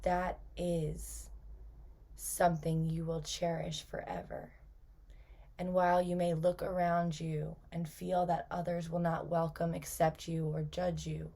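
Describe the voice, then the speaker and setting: A woman channeling a softly whispering loving spirit. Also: fairly low pitch, flat delivery, creaky. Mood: tender. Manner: slow, soft and half-whispered. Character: loving ancient spirit collective, gentle and reassuring. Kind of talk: spoken channeling message.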